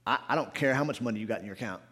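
A man preaching a sermon in a church, swinging between loud shouts and quiet low asides. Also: very fast. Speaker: pastor. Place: church sanctuary.

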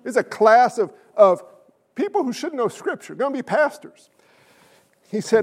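A male pastor delivering a sermon in a strikingly high voice. He presses his points with loud emphasis, drops to hushed asides, and keeps asking the congregation questions. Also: expressive, moderate pace, pauses often. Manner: swings between loud stresses and hushed asides.

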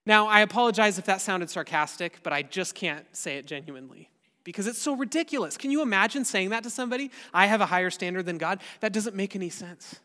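A pastor preaching a sermon to his church, earnest and often dropping softly at the end of a point. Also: high-pitched, fast, big-room sound. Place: church sanctuary.

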